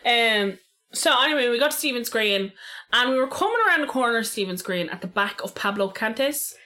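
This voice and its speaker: A woman's voice: fairly high pitch, expressive, a little fast, pushed and bright. A young woman with a Dublin Irish accent, co-hosting a podcast in casual chat, swearing freely and full of "like" fillers. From Ireland. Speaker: podcast co-host.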